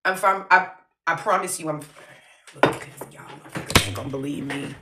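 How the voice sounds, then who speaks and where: A woman with a bright, forceful voice talks bluntly and profanely, joking at her own expense through grief. She is recorded at home, and the room echoes around her. She stands a bit away from the mic. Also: low voice, fairly quick, recorded from a distance. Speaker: vlogger. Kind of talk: candid personal vlog. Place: her home, moving between rooms. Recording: roomy echo, off from the mic.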